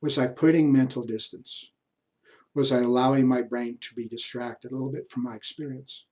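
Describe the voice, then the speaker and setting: A man's voice: medium pitch, steady tone, moderate pace, a little mellow. An older man lecturing on history, telling a reflective personal story and repeating words as he searches for them.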